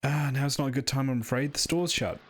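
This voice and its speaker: A man's voice: mid-range voice, brisk, a little hiss or hum, pitched above the performer's own voice, lightly acted. A man voicing a weary small-town shopkeeper in a raised, mournful voice. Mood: glum.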